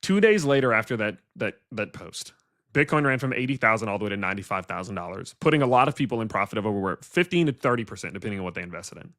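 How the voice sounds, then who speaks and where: A man's voice: lowish voice, animated, fast, fairly bright tone. A man hosting a casual livestream about crypto investing, ranting bluntly and swearing, with rhetorical questions to his viewers.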